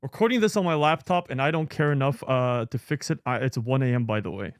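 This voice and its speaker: A man's voice: mid-range voice, fast talker, dry recording. A man hosting a live stream, talking casually and in a scattered, muttering way while sorting files, swearing freely now and then. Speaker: streamer host.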